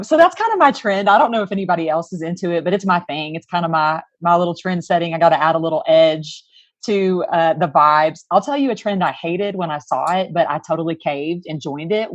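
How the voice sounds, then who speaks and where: Low-voiced, bubbly woman on a muffled mic. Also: a little fast, dry recording. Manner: bubbly, laughs easily, chatty. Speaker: podcast co-host. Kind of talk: casual podcast chat.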